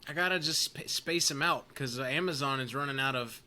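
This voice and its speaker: A man's voice: medium pitch, fairly quick, bright, forceful tone. A young man co-hosting a podcast, teasing and goofing around, often trailing off into a mumble. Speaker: podcast co-host. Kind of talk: casual podcast banter.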